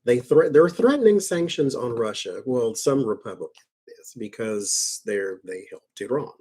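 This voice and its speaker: A man reading tarot cards on a live stream, talking in a slow, conversational way with fussing asides. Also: medium pitch, animated, mellow, breathy edge. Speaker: tarot reader.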